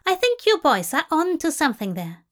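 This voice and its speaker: A woman's voice: high voice, wildly swooping pitch, normal speed, fairly bright tone, voice pushed up, full character voice. A woman voicing a flamboyant, doting bar-owner woman who teases and calls everyone love, in a storybook reading. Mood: teasing. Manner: breezy, teasing, calls people love.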